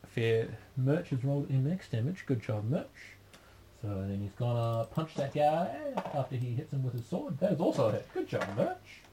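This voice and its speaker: A man running a tabletop game as game master, animated and laughing as he narrates. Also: mid-range voice, a little fast, few pauses, a little hiss or hum. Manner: animated, laughing, thinking aloud.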